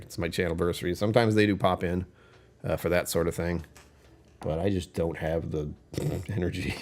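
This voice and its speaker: A man's voice: deep voice, a little mellow. Rambling, self-mocking man streaming. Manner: rambling, self-deprecating, laughs often. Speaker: whiskey channel host. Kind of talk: casual livestream chat.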